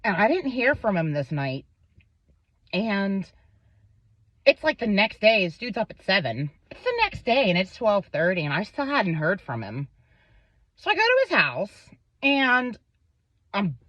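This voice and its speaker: A young woman vlogger tells an emotional personal story to camera, rambling, swearing frequently, and tripping over her words. Her voice is mid-range and a bit bright, with no echo but a dull lo-fi sound.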